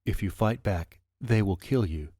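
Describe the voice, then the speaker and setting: A man reading the part of a grave young woman held captive, speaking in measured, formal phrases. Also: lowish voice, dark tone, breathy edge, no echo, clean studio sound. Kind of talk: audiobook character reading.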